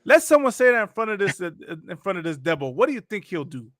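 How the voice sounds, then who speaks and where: High, sharp, mocking man preaching. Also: big pitch swings, fast, no room sound, studio quality. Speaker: host reacting to videos. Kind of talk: religious commentary talk.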